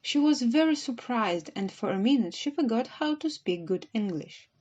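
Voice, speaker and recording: A woman narrating a children's storybook audiobook in a measured, gentle reading. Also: on the high side, animated, muffled recording.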